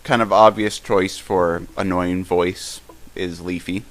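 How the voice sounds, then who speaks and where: A man's voice: low voice, steady tone. A young man co-hosting a live-stream podcast, rambling through his thoughts with lots of halts and restarts. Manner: rambling, halting, many restarts. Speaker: podcast co-host. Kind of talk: casual live-stream Q&A chat.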